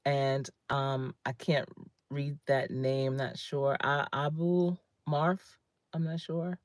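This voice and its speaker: A woman's voice: a bass voice, level tone, slow pace, dry recording, studio quality. A woman in her fifties, a career coach, giving an emphatic, conversational motivational talk on a livestream and greeting viewers by name. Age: 50s.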